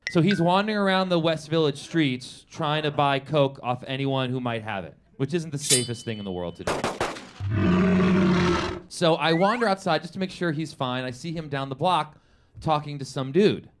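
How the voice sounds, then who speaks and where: Male stand-up storyteller, slightly high, very animated delivery. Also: moderate pace, a little hiss or hum. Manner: animated, acts out quotes in big voices. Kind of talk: comedic true-story monologue. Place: live comedy stage.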